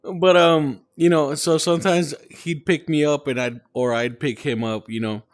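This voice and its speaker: A man's voice: on the high side, fairly even intonation, moderate pace. A man hosting a podcast, tipsy from drinking, telling a story in a loose, swearing, emotional way. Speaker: podcast host. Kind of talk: casual chat.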